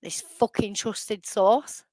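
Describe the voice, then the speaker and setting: A woman's voice: medium pitch, steady tone, slow, mellow, no room sound, low-quality recording. A woman on a live stream, ranting angrily and swearing heavily as she reacts to a clip. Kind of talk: angry live-stream rant.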